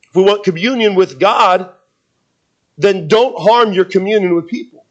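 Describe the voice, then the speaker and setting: A man's voice: high voice, moderate pace, highs cut off. A man preaching a sermon, emphatic and repetitive, often restarting his sentences with fillers. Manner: emphatic, repeats himself, frequent restarts and fillers.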